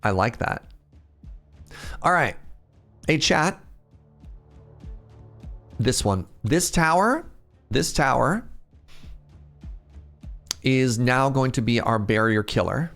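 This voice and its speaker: A man in his thirties giving casual, animated live-stream commentary as he plays, laughing often and chatting with his viewers. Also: mid-range voice, slow pace, long pauses, faint music behind. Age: 30s. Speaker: game streamer.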